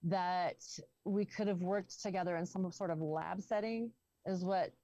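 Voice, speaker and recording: A woman's voice: lowish voice, fairly even intonation, measured pace, dark tone, muffled recording. A woman from the southern United States, a roundtable guest telling a long, rambling story on a video call and correcting herself as she goes. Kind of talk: casual video-call chat.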